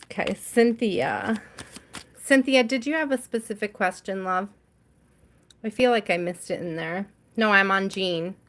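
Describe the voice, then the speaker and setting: Woman host for a live tarot stream: unhurried, chatty, laughs easily, talks to viewers by name. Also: mid-range voice, fairly bright tone. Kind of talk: live tarot reading chat.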